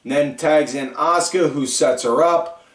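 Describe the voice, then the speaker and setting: A man hosting a podcast, rambling through a casual recap with lots of fillers and animated storytelling. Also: on the high side, moderate pace. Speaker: podcast host. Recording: echoey room, far from mic.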